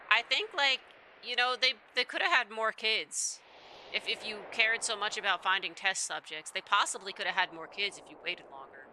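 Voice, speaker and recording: A woman commenting on a video game as she plays, excitable and rambling, with some swearing. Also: medium pitch, normal speed, a little hiss or hum, rough recording. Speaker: gamer streamer. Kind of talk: let's play commentary.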